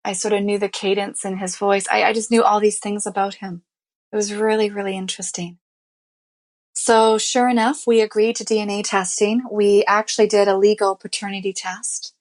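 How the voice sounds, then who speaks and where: A woman's voice: mid-range voice, flat delivery, moderate pace. A woman guest on an interview show, telling her own life story candidly and earnestly, full of "you know" and "I mean" fillers. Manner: emotional, reliving events as she tells them. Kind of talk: personal storytelling in a conversational interview.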